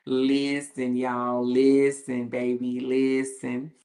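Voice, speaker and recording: A woman's voice: very deep voice, vocal fry. A woman hosting a livestream, reading comments aloud in a blunt, sassy, profane way and laughing often.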